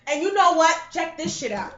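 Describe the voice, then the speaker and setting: A hoarse woman with a high voice tells animated stories in a casual chat, laughing and swearing freely. The room is echoey and the sound is dull, with loud noise behind her. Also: a little fast.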